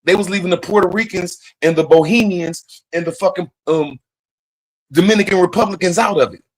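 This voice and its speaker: Man, high voice, livestream host, casual rant, profane, rambling, emphatic. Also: brisk, poor audio.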